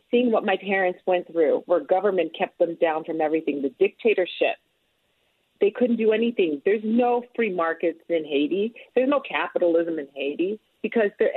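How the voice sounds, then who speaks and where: A woman's voice: on the low side, husky, no room sound. A woman guest being interviewed, telling her story in an earnest, emphatic way. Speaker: guest, author and former politician. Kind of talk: conversational interview. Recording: tinny phone line.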